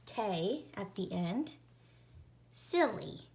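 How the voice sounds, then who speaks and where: A woman teaching a phonics lesson to young children, sounding out each letter slowly and clearly. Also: mid-range voice, big pitch swings, darkish tone, slight background noise.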